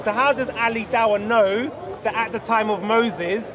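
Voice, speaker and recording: A man arguing his point in an outdoor debate, measured and persistent. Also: high-pitched, steady tone. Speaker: Christian street debater. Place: busy outdoor park with a crowd. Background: crowd talking.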